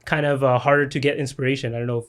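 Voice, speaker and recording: A man's voice: medium pitch, level tone, rapid-fire. Attentive male podcast host. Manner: attentive, frequent "mm-hmm" backchannels. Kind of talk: casual podcast interview.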